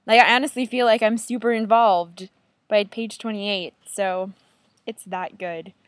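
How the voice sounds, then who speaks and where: A woman's voice: medium pitch, fairly even intonation, a little slow, dry recording. A woman in her twenties talking casually to camera in a vlog, chatty and enthusiastic, often laughing. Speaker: book vlogger.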